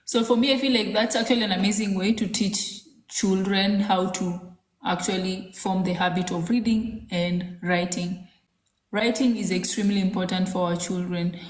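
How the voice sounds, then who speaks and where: A woman's voice: medium pitch, steady tone, normal speed. Chatty woman in an echoey room. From Kenya. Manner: chatty, rambling, many fillers. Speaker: podcast co-host. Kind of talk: casual chat.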